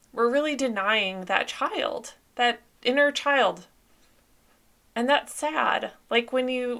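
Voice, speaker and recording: A woman hosting a podcast, talking gently and soothingly through a guided reflection with soft pauses and casual fillers. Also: medium pitch. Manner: conversational with fillers like "like". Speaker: podcast host.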